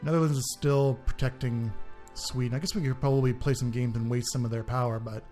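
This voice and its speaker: Man, gaming host, let's play commentary, hesitant thinking aloud, medium pitch, faint background music. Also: steady tone, brisk, warm tone. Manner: thinking aloud, hesitant, trails off mid-sentence. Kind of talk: casual strategy game let's play commentary.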